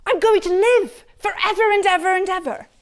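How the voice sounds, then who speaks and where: A woman's voice: very high voice, brisk, pitched above the performer's own voice. A woman voicing an eager young boy with a put-on Yorkshire accent, stammering with joy in a dramatic story reading. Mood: eager, overjoyed. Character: sickly young boy, newly well, overjoyed.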